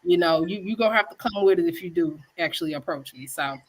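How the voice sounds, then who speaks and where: A woman chef and business owner from Texas, telling her story in a chatty, animated way on a video call. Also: lowish voice, quick pace, low-quality recording. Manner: animated, acts out quotes in a chatty Southern style. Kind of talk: casual storytelling interview.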